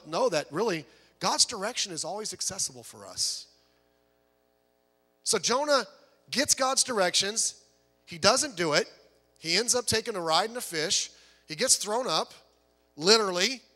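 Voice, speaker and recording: High, bright-voiced preacher in a reverberant hall. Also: male voice. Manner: animated storytelling preacher, jokes, quick voiced asides. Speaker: pastor. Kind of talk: sermon.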